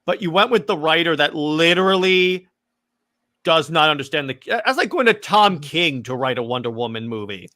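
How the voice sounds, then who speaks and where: A man co-hosting a podcast, talking excitedly in casual chat, rambling with lots of restarts and stammers. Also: on the high side, moderate pace. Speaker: podcast co-host.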